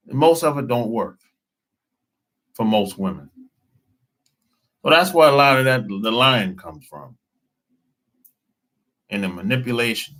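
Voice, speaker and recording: A man talking casually as a dating coach, slow and drawling, often breaking into laughter. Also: mid-range voice, fairly bright tone. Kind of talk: casual live-stream talk.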